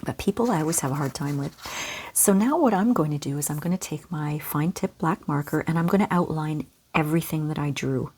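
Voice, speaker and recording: A gentle, encouraging woman from Canada, talking kids through a step-by-step drawing lesson in a soft voice. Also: low-pitched, a little fast, husky. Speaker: children's art teacher.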